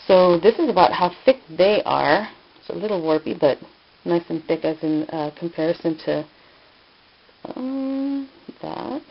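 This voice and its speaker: Chatty woman with a lowish voice on dull lo-fi audio. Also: animated, gravelly, slightly rough. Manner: chatty and informal, with many fillers and quick self-corrections. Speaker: crafting channel host. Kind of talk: casual hands-on craft tutorial. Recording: dull lo-fi home video sound.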